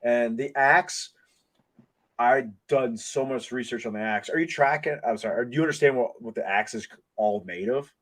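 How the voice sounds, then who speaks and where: A man hosting a casual podcast, talking in an excitable, rambling way full of restarts, into a desk mic. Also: medium pitch, normal speed. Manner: excitable, rambling fan talk with many restarts. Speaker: podcast host. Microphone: desk microphone.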